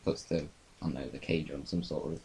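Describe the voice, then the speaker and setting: A man, co-hosting a podcast and riffing on a shared comic story in a quick, chatty way. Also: extremely low pitch, fairly even intonation, warm tone, husky. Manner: quick, chatty, builds on jokes. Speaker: podcast co-host.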